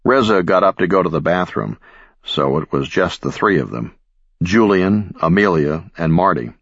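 A man narrates an audiobook in a measured, expressive way. His voice is very deep and husky, with lively swings in pitch. The recording is dry and a little dull, with a lo-fi sound. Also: no room sound. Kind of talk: scripted narration.

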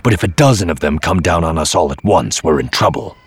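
A man's voice: sits low, lively intonation, fairly quick, husky, no room sound, full character voice. A man voicing a grim, wary male Sith warrior who speaks in a clipped growl. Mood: tense.

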